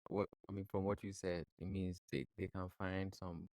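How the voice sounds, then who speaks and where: A man from Ghana hosting a podcast, asking questions in a casual, hesitant way with many pauses and restarts. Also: sits low, little pitch movement, a little mellow, dry recording. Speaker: podcast host. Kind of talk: casual interview chat.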